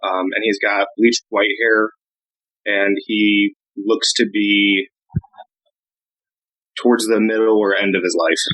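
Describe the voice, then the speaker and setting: A man playing a tabletop role-playing game, talking hesitantly and often pausing on fillers. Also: lowish voice, flat delivery, a bit bright, no echo, low-quality recording. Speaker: player. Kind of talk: tabletop role-play, in and out of character.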